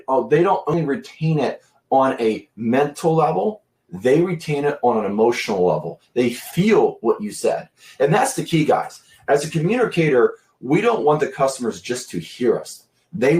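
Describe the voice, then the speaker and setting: A man giving a sales training talk, emphatic and deliberate, pausing for effect. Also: medium pitch, a little mellow. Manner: emphatic, deliberate pacing with long pauses. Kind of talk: instructional talk to camera. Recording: echoey room.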